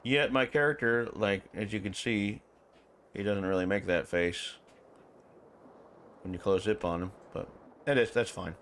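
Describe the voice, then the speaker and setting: A man's voice: lowish voice, a little slow, long pauses, a bit bright, slight background noise. A man streaming a video game, chatting casually, joking and reading lines aloud. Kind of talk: casual playthrough commentary.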